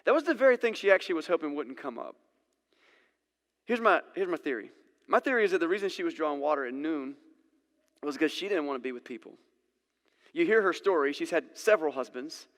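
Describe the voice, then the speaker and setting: Laid-back man preaching to a congregation; fairly high voice, loose storytelling, reverberant church hall. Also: lively intonation, brisk, pauses often, a bit bright. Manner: casual, conversational, acts out scenes. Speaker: pastor. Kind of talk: sermon. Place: church sanctuary.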